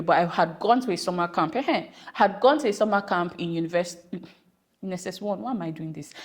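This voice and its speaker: A young woman from Nigeria hosting a podcast, chatting casually with rambling, animated asides. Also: lowish voice. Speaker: podcast host. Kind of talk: casual monologue.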